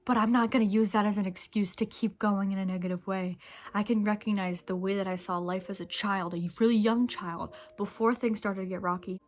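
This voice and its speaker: A young vlogger speaks in a mid-range, darkish voice, brisk and fairly even in intonation. While chewing candy, she rambles casually and reflectively to camera, turning emotional and occasionally nearly whispering.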